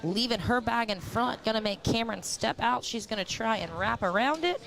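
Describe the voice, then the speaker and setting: A woman's voice: fairly high pitch, creaky, a bit bright, slight background noise. A woman commentating a cornhole livestream in a chatty, rambling, casual way. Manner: chatty, giggly, quick to ramble.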